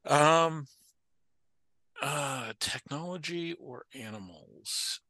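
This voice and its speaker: A man as a podcast guest in casual chat, measured and precise with a dry wit. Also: on the high side, sharp tone, dry recording. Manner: measured, precise, dryly witty.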